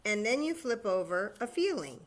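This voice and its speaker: A woman hosting a children's story time, talking slowly and simply to young children in an animated way. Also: on the high side.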